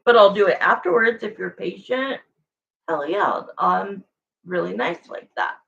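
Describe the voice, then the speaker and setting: A woman's voice: medium pitch, animated, normal speed, vocal fry, dull audio, noisy background. A woman tarot reader chatting casually and frankly with viewers on a livestream.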